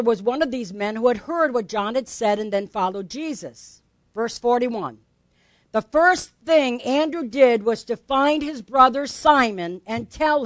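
A woman pastor delivers her sermon in a relaxed, conversational way. She keeps turning questions back to the congregation. Her voice sits high, and the recording is close and dry. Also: dry recording. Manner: conversational, asks the congregation questions, laughs lightly.

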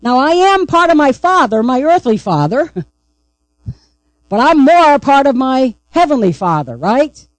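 A woman's voice: sits high, very animated, a little slow, no echo, low-quality recording. A woman pastor preaching a sermon, emphatic and repeatedly asking the congregation "right?".

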